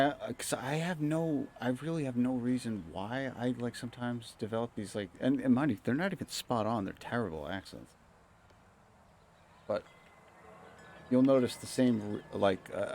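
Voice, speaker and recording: A man's voice: lowish voice, gravelly, a little mellow, a little hiss or hum. A young man streaming a strategy game, rambling and swearing in casual joking commentary, laughing often. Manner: rambling, profane, joking asides.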